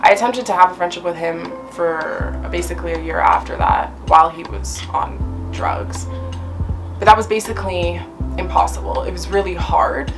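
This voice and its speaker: A young woman spills a breakup story in a casual vlog, filling it with "like" and curse words. She sounds a little high and talks in a lowish voice. Music plays clearly behind her. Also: sing-song, normal speed. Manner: chatty, swearing, many fillers. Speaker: vlogger.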